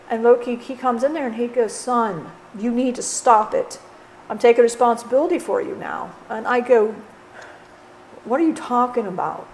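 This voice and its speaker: A woman channeling a blunt, rough-talking dead man. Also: on the high side, a little hiss or hum, lightly acted. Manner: rambling, blunt, swears, lots of "you know". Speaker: spirit channeler. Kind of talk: channeling session.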